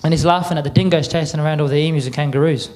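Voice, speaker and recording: An Australian man presenting to a live audience, chatty and a little croaky, getting the crowd to repeat words back. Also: on the high side, fairly even intonation, rapid-fire, a little mellow. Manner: chatty, quizzes the crowd with call-and-response. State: a bit croaky. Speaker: cultural presenter. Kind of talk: lively audience address.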